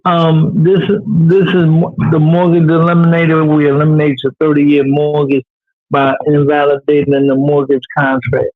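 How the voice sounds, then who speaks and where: A man just off the flu, speaking slowly and low-key as a guest on a live-stream chat. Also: flat delivery, no room sound. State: recovering from the flu. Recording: tinny phone-line audio.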